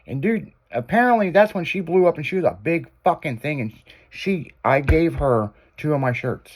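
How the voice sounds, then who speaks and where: Guy rambling on a radio show, cussing, kinda high voice. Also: animated, normal speed, breathy edge. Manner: rambling, profane, loose storyteller. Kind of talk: casual storytelling chat.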